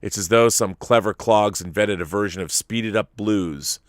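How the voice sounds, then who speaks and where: A man's voice: on the low side, normal speed, dry recording, studio quality, natural voice. An actor playing a slightly drunk former spy from Liverpool in his fifties, giving a rambling, sardonic, sweary confession with a Liverpool accent in an audio drama monologue. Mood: rueful confession. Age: 50s.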